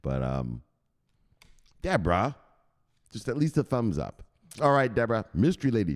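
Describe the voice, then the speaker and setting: A man's voice: fairly low pitch, sing-song, normal speed, pauses often. A male crypto show host in casual, joking chat who swears freely and laughs a lot. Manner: joking, profane, laughs often.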